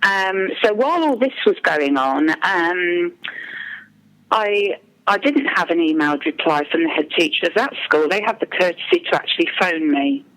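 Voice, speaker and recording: A woman's voice: on the low side, animated, moderate pace, a bit bright, low-quality recording. A mother speaking as an interview guest, telling her account hesitantly with frequent ums and restarts. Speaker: parent speaking anonymously as a guest.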